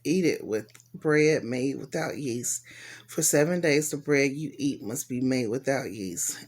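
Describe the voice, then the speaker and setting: A woman's voice: very deep voice, a little mellow. A woman giving an earnest, heartfelt devotional reflection and reading scripture aloud, often repeating her phrases. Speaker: Bible reader.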